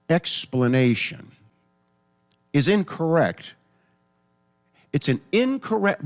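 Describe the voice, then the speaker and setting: A man teaching a class on biblical counseling in a conversational way, reading scripture verses aloud and often restarting his sentences. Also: fairly high pitch. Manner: explains with many restarts and repeated phrases.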